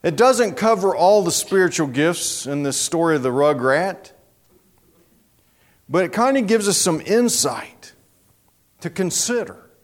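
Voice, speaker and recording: Animated, high-voiced male preacher. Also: measured pace, pauses often. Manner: animated, dramatic storytelling. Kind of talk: sermon storytelling.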